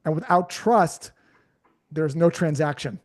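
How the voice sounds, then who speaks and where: Guy with a kinda high voice breaking down sales tactics on a podcast, quick when he's making a point. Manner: explains with examples, speeds up when making a point. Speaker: guest sales trainer. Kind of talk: casual podcast conversation.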